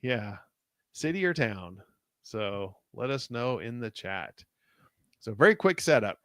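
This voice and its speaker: A man co-hosting a live podcast, reading a gamebook aloud in a relaxed way and talking to the chat. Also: mid-range voice, takes it slowly, dry recording, studio quality. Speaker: podcast co-host. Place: live online show.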